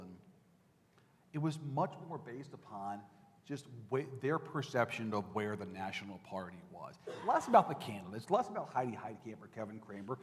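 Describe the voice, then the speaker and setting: A man's voice: mid-range voice, sing-song, normal speed. Man telling reporting stories in an echoey hall. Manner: anecdotal, conversational, with fillers and restarts. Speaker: political reporter. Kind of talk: talk to an audience. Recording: echoey hall with long reverb.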